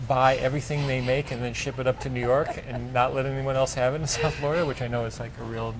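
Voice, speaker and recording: A man's voice: mid-range voice, steady tone, fast. A man who is a chef, talking casually in an interview at his restaurant, enthusiastic and rambling with fillers. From United States. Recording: faint background noise.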